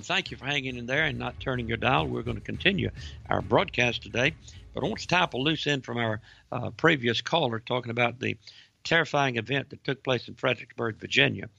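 A man's voice: mid-range voice, brisk, sharp tone, dry recording. A man hosting a call-in radio talk show, reading news aloud and taking callers. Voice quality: gravelly. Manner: reads news aloud, dramatizes quotes. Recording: muffled lo-fi radio broadcast.

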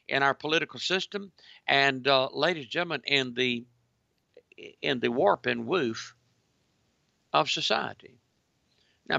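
Guy on talk radio, sermon-ish and emphatic, crisp dry voice, dull broadcast sound. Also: medium pitch, no room sound. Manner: preachy, emphatic, repeats "ladies and gentlemen". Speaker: radio talk show host. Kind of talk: call-in radio monologue.

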